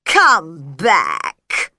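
Lady putting on a sleepy grumpy caterpillar, drags every word out slow and low, dry sound. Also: huge pitch swings, gravelly, sharp tone, dry recording, heavily acted. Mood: unfriendly. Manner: slow, drawling and curt.

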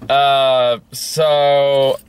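A man's voice: medium pitch, flat delivery, extremely slow, smooth. A man hosting a casual movie review chat, rambling and sarcastic, swearing and laughing often.

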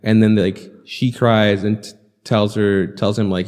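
A man's voice: on the low side, steady tone, unhurried, darkish tone, in a large hall. A man co-hosting a podcast, casually and loosely recapping an anime, swearing freely and acting out lines of dialogue. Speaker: podcast co-host.

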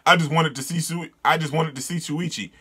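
A man's voice: a little high, steady tone, a little fast, a bit bright, breathy edge. A man reading aloud the lines of a cold, scheming schoolgirl in his own voice.

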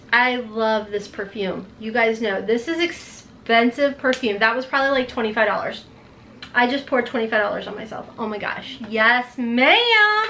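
Giddy high-voiced woman in her forties. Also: moderate pace, a little hiss or hum. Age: 40s. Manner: gushing, squealing with excitement, gasping. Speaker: beauty vlogger. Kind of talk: excited unboxing vlog.

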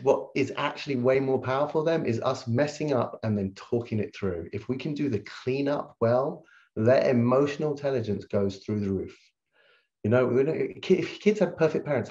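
A middle-aged man, a hypnotherapist, telling personal stories candidly over a video call, getting animated and loud as he relives them. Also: medium pitch, lo-fi sound. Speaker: guest speaker, hypnotherapist. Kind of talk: candid conversational storytelling.

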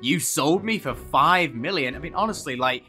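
A man's voice: a little high, animated, normal speed, sharp tone, soft background music. A young man doing comedic reaction commentary, sarcastic and laughing often, breaking into mocking voices. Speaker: YouTuber reacting to posts.

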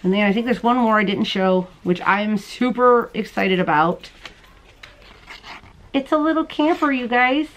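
A woman's voice: fairly high pitch, measured pace, a bit bright, rough recording. A woman hosting her crochet podcast at home late at night, chatting casually and gushing over gifts she shows on camera. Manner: bubbly, chatty, gushes over small things. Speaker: podcast host. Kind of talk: casual chat showing mail and gifts on camera. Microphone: camera she handles while showing items.

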